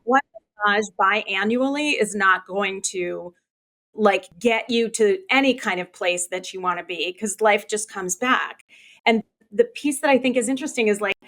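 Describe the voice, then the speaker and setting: A woman's voice: mid-range voice, a bit bright. A woman hosting a podcast interview, talking in a chatty, casual way with lots of filler words. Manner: chatty, uses many fillers like "like". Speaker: podcast host.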